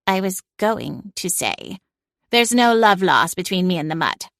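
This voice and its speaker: A woman voicing a haughty, sharp-tongued female cat in a storybook reading, cool and disdainful. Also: fairly low pitch, big pitch swings, unhurried, dry recording, studio quality.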